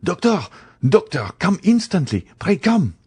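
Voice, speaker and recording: A man's voice: high voice, sing-song, unhurried, slightly rough, pitched above the performer's own voice, full character voice. A man voicing an alarmed middle-aged official calling out urgently, read in an audiobook. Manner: loud, urgent calls. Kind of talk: audiobook character reading.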